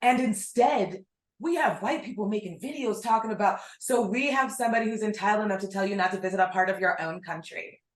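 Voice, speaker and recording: A woman co-hosting a casual podcast, talking in an animated, blunt way and swearing freely. Her voice sits in a middle pitch. The room around her sounds echoey. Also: a little fast. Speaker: podcast co-host.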